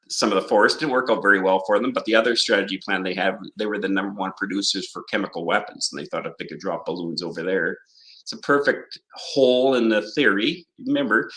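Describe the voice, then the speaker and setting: A man's voice: on the low side, pushed and bright, low-quality recording. Rambling, laughing Canadian man on a video call. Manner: rambling, laughs often, jokey. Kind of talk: casual chat on a video call.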